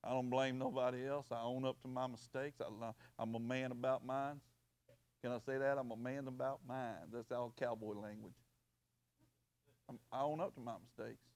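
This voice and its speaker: A man preaching a sermon as pastor, folksy and plain-spoken, building up to loud shouted bursts. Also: mid-range voice, fairly even intonation, normal speed.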